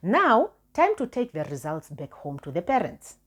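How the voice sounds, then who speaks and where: Woman vlogger, low husky voice, candid and repetitive storytelling. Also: huge pitch swings, moderate pace, a bit bright. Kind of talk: personal storytelling.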